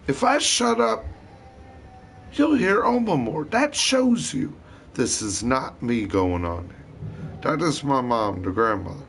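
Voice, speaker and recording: A man's voice: medium pitch, big pitch swings, takes it slowly, gravelly, slightly rough. A man ranting in a rambling, disjointed way, swearing constantly as he talks to camera. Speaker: vlogger. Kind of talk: rambling profane rant to camera.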